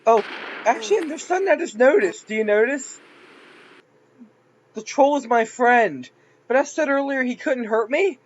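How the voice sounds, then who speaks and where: Man doing let's play commentary. Excitable, with a high voice that swings wildly. Yelps at scares over faint background noise. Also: normal speed, pauses often, highs cut off. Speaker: gameplay commentator.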